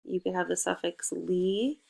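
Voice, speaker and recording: A woman with a low, gravelly voice teaches a recorded phonics lesson to young children. She keeps her pitch fairly flat and steady as she spells out letters slowly. She leads the class in a playful call-and-response.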